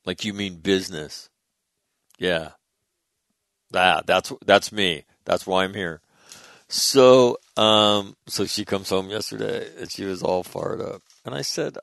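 A middle-aged man hosting a show, telling a story in a blunt, casual way with some swearing and lively retelling of conversations. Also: lowish voice, gravelly, no room sound, studio quality. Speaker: show host.

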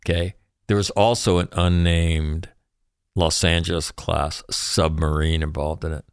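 Brief: deep-voiced male commentator, ex-Marine, irreverent and profane, dry close sound. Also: level tone, a little slow, smooth, no echo. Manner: sarcastic, profane asides, jokey. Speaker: military news commentator, former Marine. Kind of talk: casual news commentary.

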